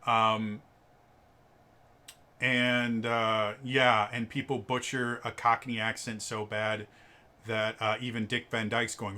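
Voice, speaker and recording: A man's voice: medium pitch, sharp tone. A man reviewing a tabletop game book in a casual, rambling way, often stuttering on the first sound of a word. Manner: loose, rambling delivery full of ums and uhs. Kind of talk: casual video review commentary.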